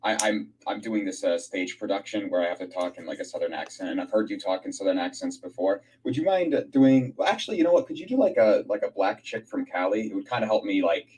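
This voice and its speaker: Husky low man, far from mic. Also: animated, a little mellow. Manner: halting, filler-heavy prank questioning. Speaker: video chat guest. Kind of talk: casual video call chat.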